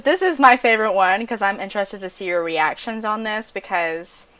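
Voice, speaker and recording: A woman's voice: mid-range voice, a bit bright. Frank, giggly American woman podcast host. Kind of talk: casual chat.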